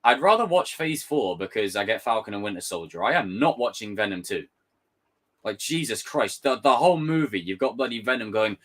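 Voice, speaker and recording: Live on stream, a man reads out chat and vents with animated exasperation, chatting casually and swearing freely. He has a medium pitch and keeps a moderate pace.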